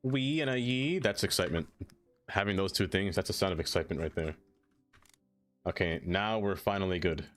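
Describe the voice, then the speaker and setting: Speaking fairly quickly in a low, slightly bright voice, a man streams a city-building game with soft music in the background. He keeps up a casual, playful, teasing conversation with viewers.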